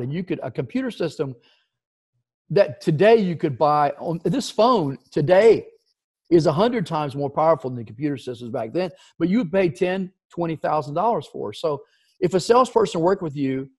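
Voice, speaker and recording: A middle-aged man from the East Coast of the United States, a guest telling an animated story in a casual interview and acting out the voices of the people in it. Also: on the high side, breathy edge.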